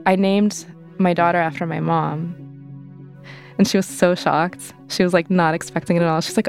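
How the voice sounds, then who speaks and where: A woman's voice: fairly low pitch, steady tone, moderate pace, darkish tone, faint music behind. A young adult woman telling her personal story as an interview guest, candid and conversational, full of fillers. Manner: conversational, many fillers, acts out quoted voices.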